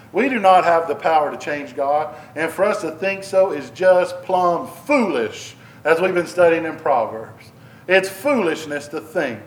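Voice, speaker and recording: A man's voice: fairly high pitch, slight background noise. A man preaching a sermon, earnest, with repeats and restarts that build into emphatic bursts. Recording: echoey room.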